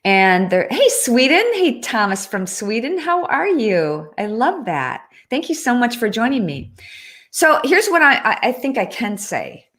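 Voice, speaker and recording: A woman's voice: a little high, very animated, a little slow, a bit bright. Chatty woman hosting a casual livestream. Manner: chatty, earnest, breaks off and restarts often. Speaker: livestream host. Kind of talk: casual live-stream chat, reading viewer comments.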